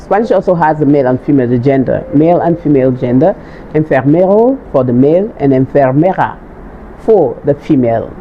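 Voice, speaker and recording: Low-voiced woman teaching vocabulary, lo-fi. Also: dark tone. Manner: patient, repeats each word slowly. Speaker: language and health course host. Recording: dull lo-fi sound with faint noise.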